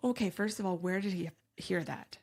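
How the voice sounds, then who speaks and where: A woman co-hosting a podcast, offering supportive, playful replies and quick affirmations. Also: on the low side, darkish tone. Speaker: podcast co-host. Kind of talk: casual podcast chat.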